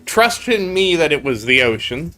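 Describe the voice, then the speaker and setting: Bright-voiced rambling gaming streamer. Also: male voice, a little high, big pitch swings, moderate pace. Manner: rambling storytelling, chatting with viewers mid-story. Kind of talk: casual live-stream chat.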